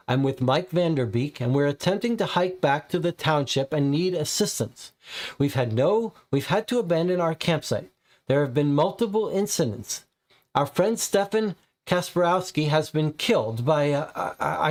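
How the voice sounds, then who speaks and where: A man's voice: on the high side, darkish tone, voice pushed up, natural voice. A man reading a game transcript aloud, voicing a terrified young woman who stammers frantic pleas for rescue.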